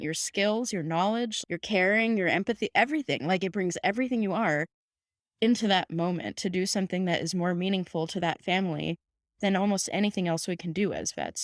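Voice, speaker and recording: A woman's voice: on the low side, no echo, studio quality. A woman in her thirties, a veterinarian hosting a podcast, talking casually and emphatically with frequent laughter and lots of "like". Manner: warm, emphatic, laughs often, many "like"s. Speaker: podcast host, house call vet.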